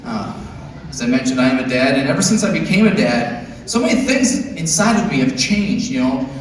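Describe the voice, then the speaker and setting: A man's voice: a little fast, a little hiss or hum. Man doing stand-up in an echoey theater. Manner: deadpan storytelling with sudden high-pitched acted-out quotes. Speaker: stand-up comedian. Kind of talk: stand-up comedy set. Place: large theater stage. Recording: echoey theater from far off with audience laughter.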